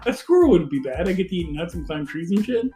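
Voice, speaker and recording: High-voiced man in casual podcast chat. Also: big pitch swings, fast, dark tone, reverberant, faint music behind. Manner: rambling, laughs often, acts out voices. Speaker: podcast co-host.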